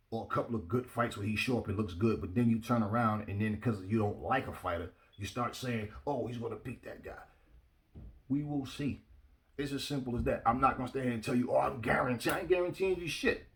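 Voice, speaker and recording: Man, casual fight commentator, mid-range voice, blunt and emphatic, talks right at his audience. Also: medium pitch. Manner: blunt, emphatic, repeats himself, addresses viewers directly. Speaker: boxing commentator. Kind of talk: casual opinion talk to viewers.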